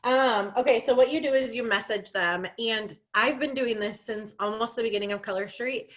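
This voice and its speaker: Her voice on the high side and fairly bright, a young woman talks at normal speed while training her sales team on a video call. It's a chatty, casual session full of fillers, false starts, and jokes at her own expense.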